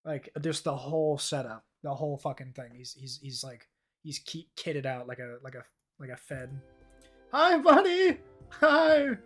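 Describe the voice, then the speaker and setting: A man's voice: mid-range voice, steady tone, normal speed, soft background music. A man streaming a game with casual, profane, rambling commentary, easily delighted by small things.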